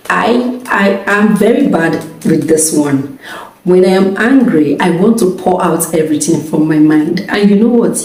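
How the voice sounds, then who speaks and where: A woman's voice: on the low side, warm tone. Woman talking in an echoey room. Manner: chatty, checks in often with the listener, laughs between points. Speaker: vlogger giving marriage advice. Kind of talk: casual advice talk. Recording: echoey room, mic at a distance.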